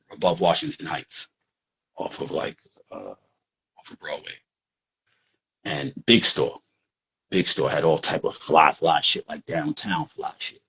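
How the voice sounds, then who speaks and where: Husky New man spinning a street story. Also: a bass voice, fairly bright tone. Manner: rambling, streetwise, profane, with fillers. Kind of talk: casual storytelling. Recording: dull lo-fi recording.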